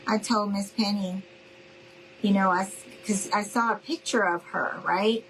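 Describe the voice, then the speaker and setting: A woman's voice: medium pitch, normal speed, fairly bright tone, a little hiss or hum, low-quality recording. Chatty New woman crafting. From New Orleans, Louisiana. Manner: chatty, affectionate, calls viewers y'all and honey. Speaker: craft livestream host. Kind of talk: casual livestream chat while crafting.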